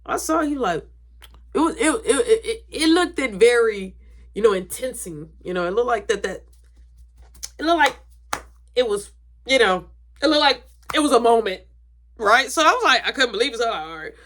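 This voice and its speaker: A woman's voice: on the high side, animated, normal speed, long pauses, a bit bright. A woman telling a story in a casual, dramatic way, swearing freely.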